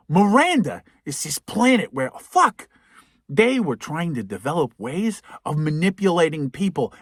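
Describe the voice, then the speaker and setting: Dude doing a sweary sarcastic movie recap, pitch jumping all over, dry close sound. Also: male voice, dry recording. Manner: profane, sarcastic storytelling; drops to a hushed whisper for tense moments. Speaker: podcast host.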